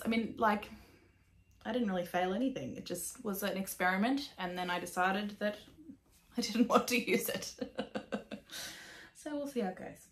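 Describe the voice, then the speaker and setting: A woman's voice: medium pitch, bright, forceful tone. An Australian woman hosting a knitting podcast, chatting casually, swearing freely and laughing at herself as she talks. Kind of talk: casual chat.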